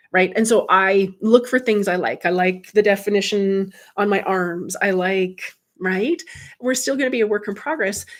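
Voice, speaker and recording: A middle-aged woman, a medium and life coach, hosting a casual livestream, chatting candidly and reading viewer comments aloud. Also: mid-range voice.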